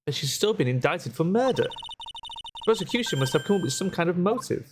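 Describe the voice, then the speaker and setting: A man's voice: high voice, sing-song, fairly quick, noisy background, pitched above the performer's own voice. A man reading an earnest young defense lawyer's questions in his own plain voice for a video game. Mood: questioning. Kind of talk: reading game dialogue aloud.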